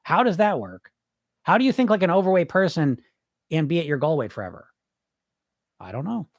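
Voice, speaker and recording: A man's voice: on the high side, sing-song, fairly quick, no echo, clean studio sound. A man hosting a solo weight-loss podcast, speaking bluntly and swearing often while firing off rhetorical questions and acting out his listeners' excuses. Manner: blunt, profane, rhetorical pep-talk; mimics listeners' excuses mid-rant.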